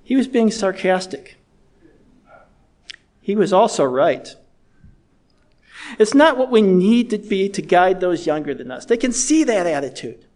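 A middle-aged man preaching a sermon in a measured, earnest way, slowing down to stress key words. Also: sits high, sing-song, darkish tone. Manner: measured, earnest, slows down for emphasis.

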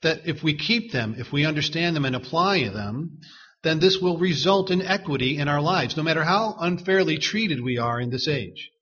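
A man preaching a sermon in a measured, emphatic way, repeating words to stress them. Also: fairly high pitch, lively intonation, fairly bright tone, slightly rough, dull audio.

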